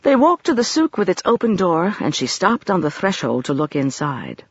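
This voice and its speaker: Brief: audiobook narrator, measured and expressive, lively in pitch, slightly husky. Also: no echo, dull audio.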